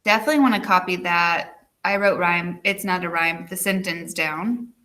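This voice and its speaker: Chatty woman teaching a video lesson, bright crisp voice, keeps saying okay. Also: lowish voice, normal speed. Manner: chatty, checks in with frequent "okay". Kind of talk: recorded classroom video lesson.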